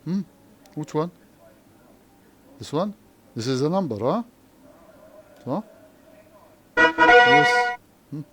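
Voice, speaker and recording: Slow-talking male English teacher, Arabic accent. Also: fairly high pitch, expressive, a little mellow, slight background noise. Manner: slow, repetitive, frequent questioning tags. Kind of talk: classroom lesson explanation.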